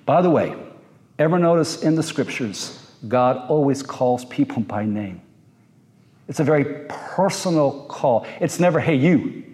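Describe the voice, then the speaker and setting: A man's voice: mid-range voice, lively intonation, unhurried, a little mellow. A man giving a sermon in a reflective manner, building his points in short, repeated phrases. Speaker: pastor. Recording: long reverb of a large hall.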